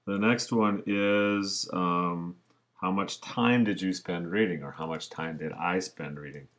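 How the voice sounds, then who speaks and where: A low-voiced man teaches over a screen recording, narrating each click as he goes. He talks slowly and casually, the way a teacher explains a task to his class. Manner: relaxed, talks through each step as he clicks.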